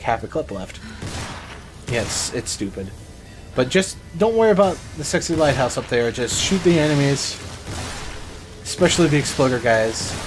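A young man gives rambling, excitable let's play commentary and swears now and then. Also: on the high side. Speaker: gamer. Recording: noisy background ambience.

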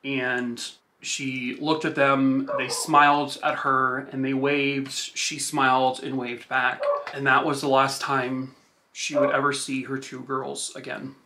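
A man's voice: medium pitch, monotone, slow, pushed and bright, slight background noise. A male true crime podcast host retelling a case in a loose, casual way, using filler words like "like" and "I guess".

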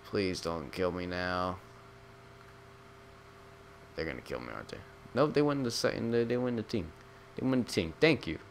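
A man's voice: sits low, expressive, normal speed, pauses often, a little hiss or hum. A young man giving casual, joking gameplay commentary as a gaming YouTuber, rambling and slangy.

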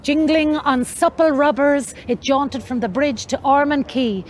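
A woman introducing and reading a literary passage in a slow, explanatory way. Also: high-pitched, a little hiss or hum. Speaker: narrator.

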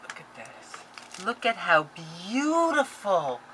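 A woman vlogger opening crafting mail on camera, gushing, excitable and talking straight to her viewers and the senders. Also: mid-range voice, slow, a little hiss or hum. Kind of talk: casual unboxing chat to camera.

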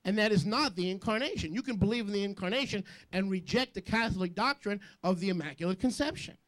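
A man preaching a sermon as a rabbi, joking with quick asides and questioning the congregation. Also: high-pitched, lively intonation, a bit bright. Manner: jokey, rapid asides, call-and-response questions.

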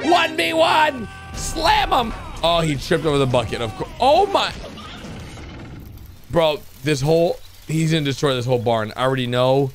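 A young man hosting a gaming channel, giving excitable reaction commentary with lots of exclamations and "bro". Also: sits high. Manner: animated, exclaiming, calls viewers bro.

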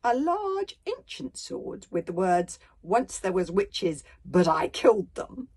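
Storybook queen, stern and imperious, ringing commands, husky tone, a woman reading aloud. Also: medium pitch, huge pitch swings, slow, a little mellow, heavily acted. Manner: grim, commanding, ringing proclamations.

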